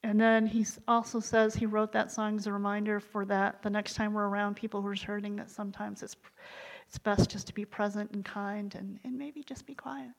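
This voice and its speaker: A woman's voice: mid-range voice, monotone, a little fast, in a large hall, rough recording. A woman leading a devotional book study, retelling stories in a conversational way with wry asides. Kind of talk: conversational storytelling.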